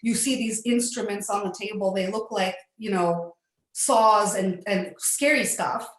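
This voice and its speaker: A woman's voice: medium pitch, a little slow. Upbeat storytelling woman, echoey room. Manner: earnest, upbeat, laughs often. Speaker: facilitator. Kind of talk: personal storytelling talk.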